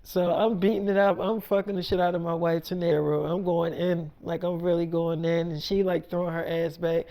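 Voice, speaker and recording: A woman's voice: lowish voice, flat delivery, normal speed, few pauses, warm tone. A woman telling an improvised first-person story in a crude, rambling, repetitive way.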